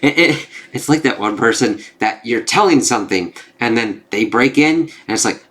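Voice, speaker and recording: A man's voice: medium pitch, animated, a little fast, hardly any pauses, fairly bright tone. A man reviewing a comic in casual commentary, rambling and swearing freely. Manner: rambling, swears a lot, says "it's like" often.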